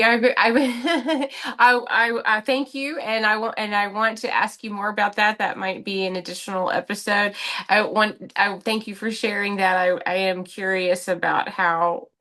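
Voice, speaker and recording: A woman hosting a podcast interview who often stammers and restarts her questions. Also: medium pitch. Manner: hesitant, stammering restarts, warm affirmations. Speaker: podcast host.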